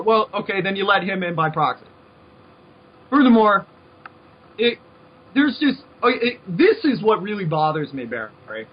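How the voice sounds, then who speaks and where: Husky and sing-song, the high voice of this American podcast host moves at a measured pace and pauses often. He's mid-rant, heated and repetitive, stumbling into restarts, captured in dull lo-fi sound.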